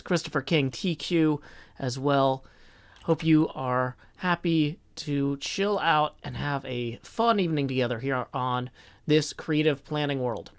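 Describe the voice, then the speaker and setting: A man hosting a live stream, chatting casually with his viewers. His voice sits a bit higher than most men's, and he talks in a folksy, upbeat way. He moves easily between greeting people by name and laying out his plans. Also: fairly bright tone.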